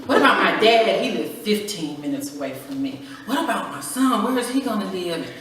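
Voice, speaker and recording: A middle-aged woman from California, a guest speaker at a women's church breakfast, giving an animated personal testimony. She acts out dialogue and laughs often as she tells her story, heard from a distance in a church hall. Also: mid-range voice, brisk. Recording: echoey church hall from far off, faint background hiss.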